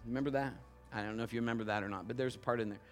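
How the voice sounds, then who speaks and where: A male pastor preaching a sermon in a conversational storytelling way, building to loud emphatic bursts. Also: mid-range voice, fairly even intonation, racing, faint music behind.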